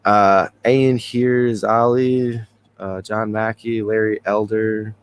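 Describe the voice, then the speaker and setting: A man's voice: on the low side, little pitch movement, slow, clean tone. A man hosting a casual podcast, talking loosely and rambling with frequent chuckles. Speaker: podcast host.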